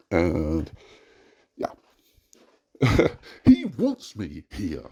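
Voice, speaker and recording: Man, very low voice, wide swings in pitch, distressed, personal rant, halting with fillers, agitated. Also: sing-song, darkish tone. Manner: hesitant with many fillers, then rising into agitated outbursts. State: distressed and frustrated. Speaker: anonymous poster venting about family life.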